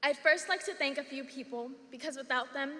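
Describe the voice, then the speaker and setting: A woman's voice: sits high, a little fast, bright, forceful tone. A young woman, the class salutatorian, giving her graduation speech with emotional, teary thanks. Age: young adult. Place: large hall. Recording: echoey hall.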